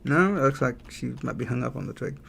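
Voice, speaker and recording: A game developer chats on a livestream a little fast in a creaky, mid-range voice as he draws, with slight background noise present. He casually thinks aloud and answers chat by reading messages out.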